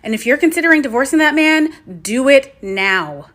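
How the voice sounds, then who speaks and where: A woman with a slightly high voice, laying out points one by one in a firm, commanding way. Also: lively intonation, moderate pace, a bit bright. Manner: firm, list-like directives. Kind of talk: instructive social media video.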